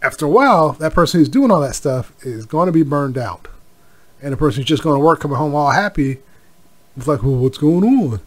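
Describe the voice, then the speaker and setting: Middle-aged male podcast host, a bit higher-pitched, loose rambling delivery. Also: animated, brisk. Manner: rambling, with many fillers and asides. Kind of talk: casual solo podcast monologue.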